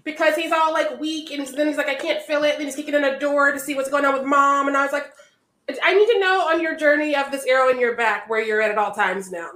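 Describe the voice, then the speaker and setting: A woman co-hosting a casual movie podcast, wry and quick to laugh, acting out quotes as she talks. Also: sits high, a bit bright, reverberant. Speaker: podcast co-host. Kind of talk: casual film discussion.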